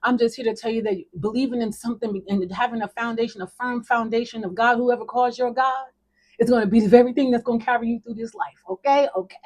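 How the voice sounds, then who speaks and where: High-voiced woman coach preaching a parable. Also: steady tone, fast talker, darkish tone. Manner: preachy, emphatic, conversational. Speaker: life coach. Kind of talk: motivational talk with a faith parable.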